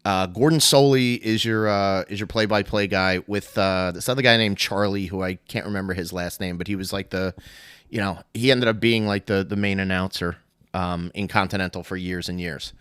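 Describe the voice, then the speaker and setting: A man's voice: deep voice, fairly even intonation, moderate pace, a bit bright, clean tone, no echo, clean studio sound. A man hosting a podcast, casually retelling a story in a rambling way full of fillers and laughs. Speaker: podcast host.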